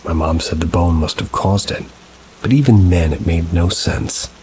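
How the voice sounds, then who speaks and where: A man reading true paranormal stories aloud in a measured, somber storytelling manner with dry asides. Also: deep voice, slight background noise, rough recording. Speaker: story narrator. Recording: steady rain sounds behind the voice. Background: rain ambience.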